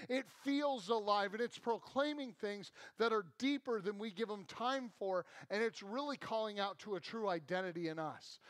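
A man's voice: sits high, fairly bright tone, no echo. A middle-aged man with an American accent giving a sermon, telling stories casually with many fillers. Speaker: pastor.

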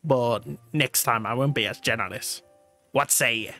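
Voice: medium pitch, pushed and bright, soft background music, voice pushed down, natural voice. A streamer voicing a stingy old cartoon duck in a put-on, admittedly bad Scottish accent while reading game dialogue aloud. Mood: gruff. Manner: stern, gruff, deliberately bad accent.

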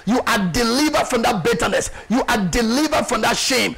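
A man preaching a fervent sermon and prayer as pastor, repeating declarations with rising passion and often shouting. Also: extremely high pitch, fairly quick, gravelly, few pauses, loud music behind the voice, low-quality recording.

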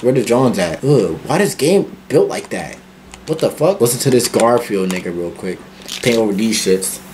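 A man giving loud, profane commentary on a horror game, yelping at scares and talking back to the characters. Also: medium pitch, normal speed, a little hiss or hum. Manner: excitable, profane, yelps at jump scares. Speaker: gaming YouTuber.

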